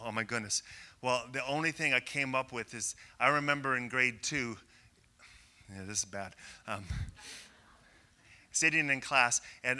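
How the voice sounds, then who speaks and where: An older man from Canada preaching a sermon, telling a self-deprecating story with rising excitement. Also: mid-range voice. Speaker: pastor.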